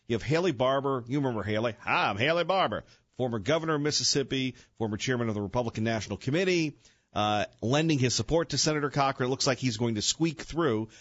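A man's voice: mid-range voice, dry recording, lo-fi sound. An older man hosting a radio show, chatting casually with jokes and rambling asides. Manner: joking, rambling, self-interrupting. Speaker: radio host. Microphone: studio microphone.

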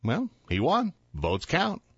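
A man's voice: on the high side, wildly swooping pitch, slow pace, a bit bright, slightly rough, dry recording, lo-fi sound. An older man co-hosting a radio show, talking dryly and teasing his partner. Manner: dry, wry teasing. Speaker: radio co-host. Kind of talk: casual radio chat.

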